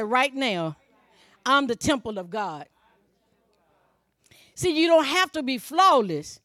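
A woman's voice: fairly high pitch, a bit bright, no echo, studio quality. A woman preacher delivering a sermon, fervent and colloquial, calling out exclamations and speaking straight to her congregation. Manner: fervent, calls out exclamations between points.

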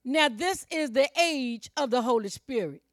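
A woman preacher delivers a sermon in a high, lively voice at a moderate pace, fervent and colloquial, addressing her congregation directly and calling out exclamations between points. The recording is dry and clean, with a studio sound.

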